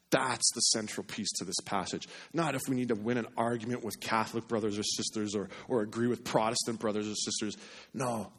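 A man preaching a sermon in an earnest way, repeating phrases for emphasis and dropping to a hush on key points. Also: lowish voice, steady tone, fairly quick, slightly rough. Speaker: pastor.

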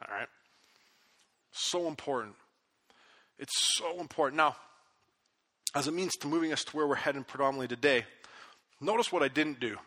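Male pastor, animated storyteller, high and sharply bright, recorded in a reverberant hall. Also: fairly quick, long pauses. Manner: animated storytelling, acts out his own angry outbursts. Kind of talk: sermon. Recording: long reverb of a big hall.

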